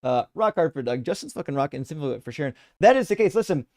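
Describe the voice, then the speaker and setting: Man, live-stream host, casual chat, gravelly, warm dark tone, rambling, swears casually. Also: on the high side, sing-song, quick pace.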